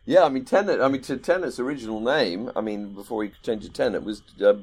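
A man's voice: mid-range voice, fast, a little mellow. A man co-hosting a podcast in casual, rambling chat, thinking aloud with plenty of ums and restarts. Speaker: podcast co-host.

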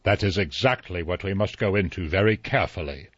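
A man reading an audiobook, voicing an elderly judge who speaks dryly and with measured authority. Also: sits low, no echo. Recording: slightly dull dry recording.

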